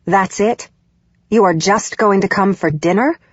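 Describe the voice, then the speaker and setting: A woman's voice: mid-range voice, measured pace, breathy edge, dry recording, dull audio. A woman voicing a critical, controlling middle-aged mother in an audiobook, with a cold, reproachful manner. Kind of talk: audiobook character voice.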